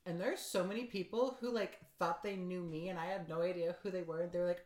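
A young woman in her twenties co-hosting a podcast in casual chat, with wry, dry jokes and quick interjections. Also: fairly low pitch, steady tone, a little mellow. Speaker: podcast co-host. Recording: echoey room.

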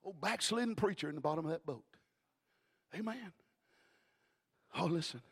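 Preacher guy, kinda high voice with a gravelly edge, hollers then drops real quiet, uh uh cadence. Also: expressive, normal speed. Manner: rhythmic preaching with "uh" after each phrase, swinging from shouting to hushed. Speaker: pastor. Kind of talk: sermon.

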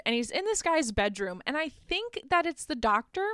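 A woman's voice: high-pitched, sing-song, normal speed, hardly any pauses, bright, forceful tone, dry recording, studio quality. A woman hosting a podcast, retelling a movie plot in a casual, chatty way, laughing often and filling her talk with "like.". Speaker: podcast host.

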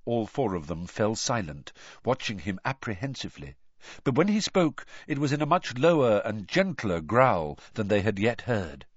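Male audiobook narrator, lower voice, husky, animated delivery. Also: no echo. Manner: measured, lively storytelling. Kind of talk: scripted narration. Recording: dull dry recording.

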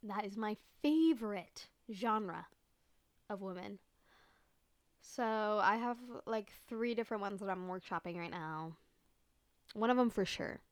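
A young woman hosting a solo podcast in casual chat, rambling with many fillers and swearing freely, sometimes dropping to a soft whisper close to the microphone. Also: medium pitch, a little slow, long pauses, no room sound. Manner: drops to soft whispers at times. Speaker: podcast host.

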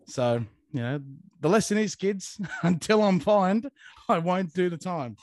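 An Australian man telling stories in casual chat, animated and swearing freely as a co-host. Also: high voice, a little slow. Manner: heavy swearing, animated storytelling. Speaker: podcast co-host.

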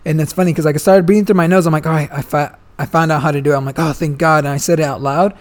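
A man's voice: fairly high pitch, steady tone, rapid-fire. A young man, a guest, chatting casually and telling a long story, swearing freely and full of slang. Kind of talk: casual chat.

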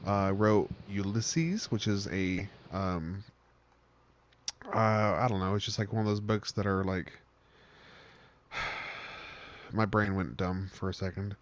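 A man's voice: fairly low pitch, fairly even intonation, takes it slowly, long pauses. A man co-hosting a podcast, rambling in casual chat and often losing his train of thought with a laugh. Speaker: podcast co-host.

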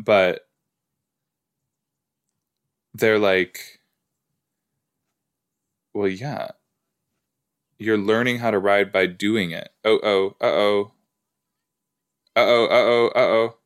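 A man hosting a podcast, chatting casually and reacting aloud to a show as he watches it, with rambling asides. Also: fairly low pitch. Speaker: podcast host.

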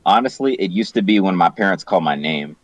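Husky man with wry quick reactions. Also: low voice, lively intonation. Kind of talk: casual chat.

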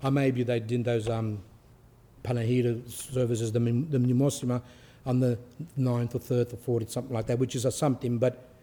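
A man with a warm, mid-range voice speaks fairly quickly in a level tone. He is an Orthodox priest giving an informal spiritual talk, chatting with anecdotes and plenty of fillers, and his emphasis rises as he reads passages aloud.

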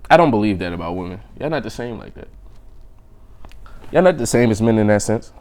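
A man's voice: lowish voice, sing-song, fairly quick, a little mellow. A man hosting his own podcast alone, chatting casually and rambling from joke to joke, often laughing at his own lines. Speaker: podcast host. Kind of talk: casual solo podcast chat.

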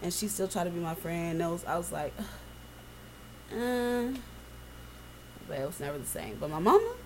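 A woman co-hosting a casual chat, telling stories in an animated, profane way. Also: lowish voice, measured pace, a little hiss or hum. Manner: animated storytelling, swearing freely.

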